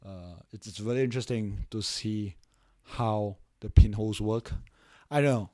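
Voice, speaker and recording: A man's voice: on the low side, normal speed, a little mellow, dry recording, studio quality. A young man from Singapore hosting his podcast solo, talking casually and rambling with many restarts and "right?" tags. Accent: non-standard, hard to place; he says it doesn't sound Singaporean. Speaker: podcast host.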